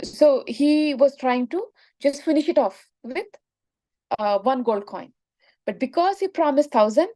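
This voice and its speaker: A spiritual teacher with a fairly high, slightly mellow voice tells a moral story as part of a lesson. She explains as she goes, often checking in with "right?"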